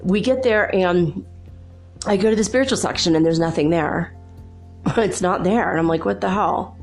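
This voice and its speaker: A woman hosting a spiritual talk show, telling a personal story in a chatty, animated way and laughing often. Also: fairly low pitch, moderate pace, soft background music. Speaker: host.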